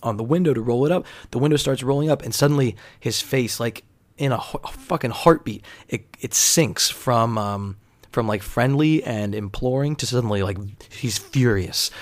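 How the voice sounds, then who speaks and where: A man telling a story in a casual, rambling monologue, full of fillers and swearing. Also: mid-range voice. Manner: rambling, profane, filler-heavy.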